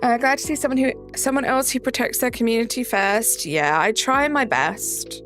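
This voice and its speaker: A woman's voice: fairly high pitch, moderate pace, fairly bright tone, soft background music. A woman with a Southern English accent, hosting a live stream in casual chat, greeting viewers by name and reading the chat aloud. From south of England.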